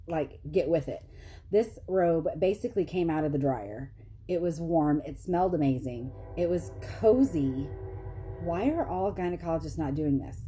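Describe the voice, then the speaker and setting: A vlogger tells her viewers a story in a mellow voice over slight background noise. She's chatty and self-deprecating, laughing often and quoting others in high voices.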